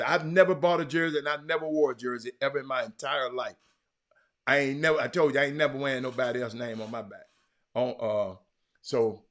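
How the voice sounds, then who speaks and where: A man with a high voice hosts a casual livestream and banters with his viewers. His tone is bright and forward, and he stumbles, repeats and restarts his phrases as he teases the chat. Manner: animated, teasing the chat, frequent repeats and restarts. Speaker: livestream host.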